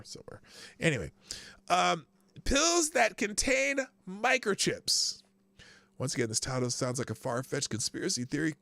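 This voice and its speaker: A man hosting a live news commentary stream, excitable and sarcastic, often breaking into laughter. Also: a little high, vocal fry, no room sound. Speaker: host of a live news show.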